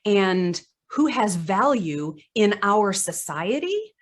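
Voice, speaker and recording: A woman's voice: mid-range voice, big pitch swings, takes it slowly. A woman psychologist giving an online conference presentation. She speaks earnestly, asks rhetorical questions, and stumbles now and then. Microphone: video call microphone.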